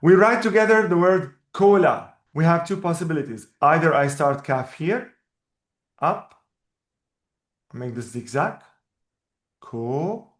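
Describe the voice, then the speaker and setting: A man's voice: a little high, animated. Patient male teacher, echoey room. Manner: patient, explanatory, repeats words slowly. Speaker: Arabic teacher. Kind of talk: one-on-one language lesson.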